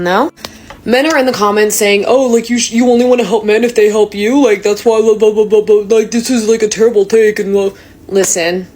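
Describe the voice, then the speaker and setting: A young woman with a fairly high voice rants hard at the camera. She is blunt and fired up, and she swears freely. Her delivery is punchy and direct. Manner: fiery and emphatic, swears freely. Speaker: social media creator. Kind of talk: angry direct-to-camera rant.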